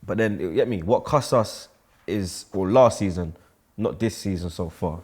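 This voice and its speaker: A man's voice: low voice, normal speed, a little mellow, husky. A man with a London accent talking football in casual banter, full of slang and often checking in with "you get me". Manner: heavy slang, keeps asking "you get me", laughs often. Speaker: regular pundit.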